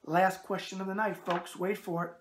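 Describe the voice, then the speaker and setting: A man's voice: high-pitched, level tone, normal speed, a little hiss or hum. A brash man with a New York accent, hosting a boxing show and answering viewer emails with catchphrases and wisecracks.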